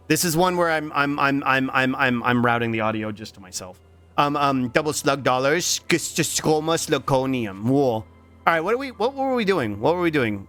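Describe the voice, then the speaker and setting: A man's voice: medium pitch, a bit bright, clean tone. A man streaming a game in casual, playful chat, rambling with lots of repeated fillers. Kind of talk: casual livestream chat while gaming.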